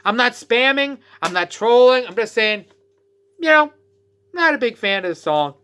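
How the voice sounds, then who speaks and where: Sharp-voiced ranting vlogger. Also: mid-range voice, lively intonation, moderate pace, clean tone. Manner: profane, sarcastic, mocks others in exaggerated voices. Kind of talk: ranting vlog.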